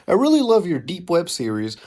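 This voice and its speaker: A man's voice: high-pitched, huge pitch swings, fairly quick, a little mellow, voice pushed up. A man voicing a timid, eager young male superfan who gushes nervously over his idol in a comedic reading. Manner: nervous, gushing.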